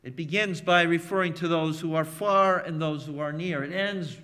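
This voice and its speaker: A man preaching a sermon as pastor, emphatic and measured, leaning on repeated phrases. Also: on the high side, fairly even intonation, bright, forceful tone. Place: church sanctuary. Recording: long reverb of a church hall.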